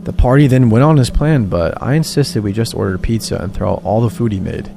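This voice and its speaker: A man narrating a true horror story in a steady, even storytelling read. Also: on the low side, fairly quick, vocal fry, background noise. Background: background music.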